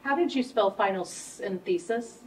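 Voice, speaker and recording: A woman tutor calmly walking a student through a spelling lesson, one prompt at a time. Her voice sits at an ordinary middle pitch and is picked up from some distance. A faint hum of room ambience stays underneath. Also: moderate pace. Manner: patient, prompting step by step. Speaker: reading tutor. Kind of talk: one-on-one structured literacy lesson.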